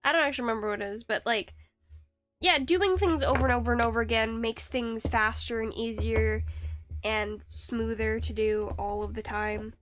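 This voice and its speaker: A woman's voice: a little high, steady tone, moderate pace, a bit bright, soft background music. A woman streaming live while she carves rings, talking in a rambling, self-deprecating way with many fillers and restarts. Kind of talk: casual live-stream chat while woodcarving.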